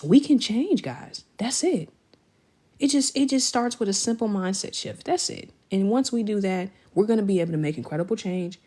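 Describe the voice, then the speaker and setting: A woman hosting a casual livestream, chatting with viewers, thanking and shouting them out by name in an effusive, slangy way. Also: moderate pace, husky. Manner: jumps to high excited pitch when celebrating. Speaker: livestream host.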